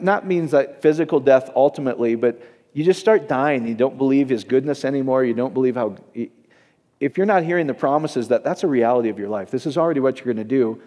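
Guy pastor preaching, kinda high voice, jokey, does little voices, long hall echo. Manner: animated, acts out quoted voices, jokes with the congregation. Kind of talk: sermon.

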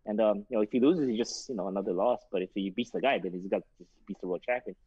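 A man's voice: on the low side, fast talker, slightly rough, no echo. A man, a boxing trainer and guest, telling stories in a casual interview and acting out the voices of the people in them. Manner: animated, acts out quoted voices, many fillers. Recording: dull muffled lo-fi sound.

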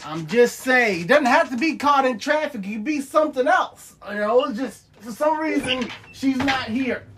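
A man's voice: extremely high pitch, expressive, normal speed, fairly bright tone, slight background noise. A man co-hosting a casual wrestling podcast, arguing his points insistently. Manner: argumentative, insistent. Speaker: podcast co-host.

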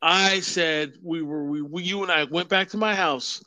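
A man's voice: on the high side, fairly even intonation, moderate pace, pushed and bright, dry recording. Teasing man on a dry-sounding podcast. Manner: teasing, playful, quotes his friend in mock voices. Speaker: podcast co-host. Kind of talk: casual chat.

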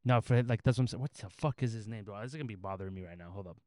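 Fast-talking, low-voiced male podcast co-host. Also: warm tone, no echo, clean studio sound. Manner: profane, rambling, joking. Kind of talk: casual chat.

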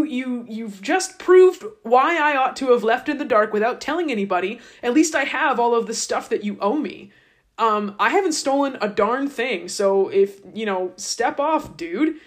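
A woman's voice: a little high, close to an everyday voice. A woman doing an exasperated, defensive young man.

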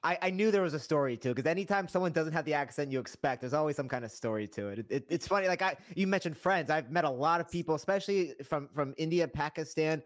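A man interviews a guest in a casual chat. His voice sits fairly high and he talks very fast, often stumbling and restarting as he goes. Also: lively intonation. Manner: quick and conversational, with frequent restarts.

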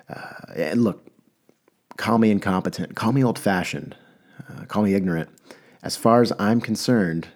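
Low deep-voiced guy doing a podcast rant, emphatic, keeps restarting, lots of "right?". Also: darkish tone. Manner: emphatic, rambling with restarts and rhetorical asks. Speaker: podcast host. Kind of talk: casual monologue.

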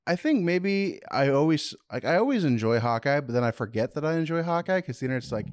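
A man's voice: fairly high pitch, sing-song, fast, clean tone. A man co-hosting a podcast in casual chat, laid-back and a bit hesitant, searching for his words as he talks. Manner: laid-back, hesitant, many fillers and restarts. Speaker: podcast co-host.

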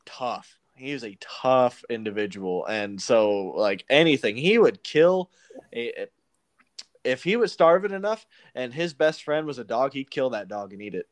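A man hosts a relaxed podcast chat and laughs through his own stories. His voice sits at an ordinary middle pitch. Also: measured pace. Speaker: podcast host. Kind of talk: casual chat.

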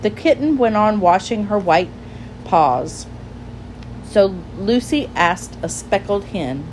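A woman narrating a children's storybook aloud in a gentle, clear and measured way. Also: medium pitch, animated, a little hiss or hum, low-quality recording.

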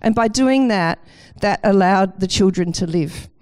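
A woman's voice: mid-range voice, unhurried, darkish tone, clean tone. A woman preaching a sermon with enthusiasm and a light self-deprecating humour.

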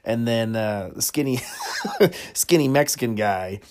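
A man with a middle-pitched voice telling comedic stories as a podcast host. He rambles, chuckles often and fills his sentences with lots of little pauses. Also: lively intonation. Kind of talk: comedic storytelling monologue.

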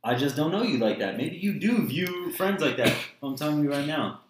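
A man's voice: on the high side, lively intonation, moderate pace. A young man telling a personal story in blunt, profane casual chat. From New Jersey. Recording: echoey room, faint noise.

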